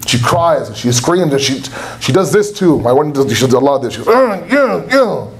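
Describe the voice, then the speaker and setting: A man's voice: mid-range voice, animated, a little fast, slight background noise. A young man preaching a sermon at a religious center, impassioned, acting out quotes in a raised voice. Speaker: speaker at a religious gathering. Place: lecture hall at a religious center.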